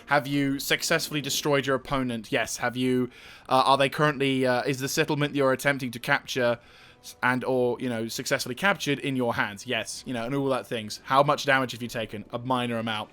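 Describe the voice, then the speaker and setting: A young man giving let's-play commentary, excitedly barking orders at his troops, swearing, and rambling about the game. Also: mid-range voice, brisk. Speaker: gaming channel host.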